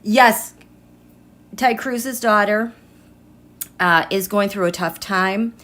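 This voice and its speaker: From home, a woman with a medium-pitched, slightly bright voice runs a tarot and astrology livestream, speaking slowly. She rambles casually and greets viewers by name.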